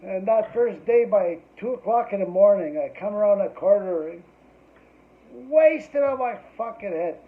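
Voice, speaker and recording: A man in middle age tells a loose, foul-mouthed story and keeps tacking "eh" onto his sentences. His voice sits high for a man. The sound is thin and boxy, like it came down a phone line. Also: expressive, moderate pace. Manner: rambling and profane, tags lines with "eh". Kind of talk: casual anecdote.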